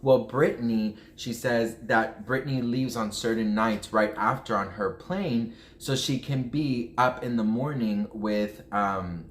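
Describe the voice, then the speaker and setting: A man's voice: medium pitch, a bit bright. A man telling a personal story to camera in a casual vlog, rambling and heartfelt, often restarting his sentences. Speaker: vlogger. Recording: echoey room.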